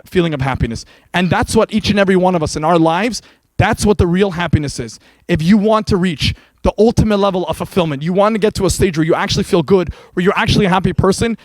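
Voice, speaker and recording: Male rabbi, sermon for beginners, animated storyteller, high voice, dry close sound. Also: no room sound. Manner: animated storyteller, talks straight to the crowd. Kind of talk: sermon for beginners at an evening event.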